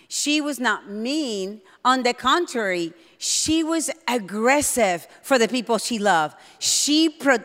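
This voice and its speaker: A middle-aged woman preaching a sermon in a church, bold and emphatic, getting loud when excited. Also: fairly high pitch. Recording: long hall reverb.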